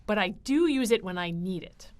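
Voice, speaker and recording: A woman giving a writing lecture, explaining clearly with frequent fillers. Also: mid-range voice, expressive, normal speed. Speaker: writing instructor.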